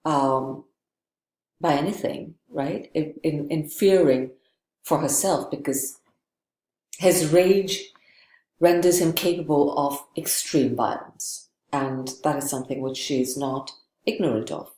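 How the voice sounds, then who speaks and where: Slow, low-voiced woman lecturing. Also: mellow, echoey room. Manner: thoughtful, digressive, frequent "right?" checks. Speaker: literature lecturer. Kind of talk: recorded lecture.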